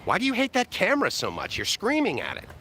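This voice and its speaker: Guy voicing a sassy, fed-up street dog, higher and very bright. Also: huge pitch swings, fast talker, a little hiss or hum, exaggerated voice. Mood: exasperated. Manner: mock-exasperated, teasing.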